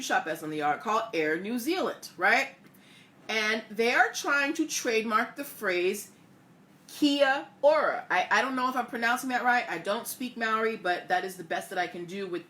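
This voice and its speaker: A woman hosting a casual live stream, talking straight to her viewers. Her voice is bright and sits a little high. She chats easily, asks questions and reads comments aloud. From Haitian family. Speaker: host.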